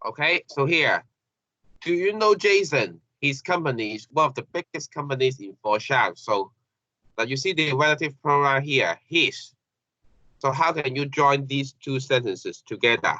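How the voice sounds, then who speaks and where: A man teaching an English grammar lesson, halting and repeating phrases with many fillers. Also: mid-range voice, expressive, bright, forceful tone, dry recording. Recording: dull lo-fi classroom recording.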